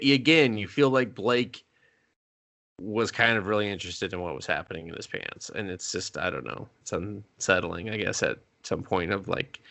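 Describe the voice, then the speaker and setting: A man's voice: on the low side, vocal fry, pushed and bright, no room sound. A man co-hosting a casual movie review chat, rambling and swearing as he recaps scenes. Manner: rambling, profane, doing quick impressions. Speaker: podcast co-host, movie reviewer.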